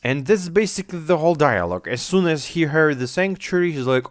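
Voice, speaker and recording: A man's voice: on the high side, expressive, fast, hardly any pauses, dry recording, clean studio sound. A man giving casual reaction commentary on an anime at home, rambling, swearing and thinking aloud. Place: home, on a squeaky chair.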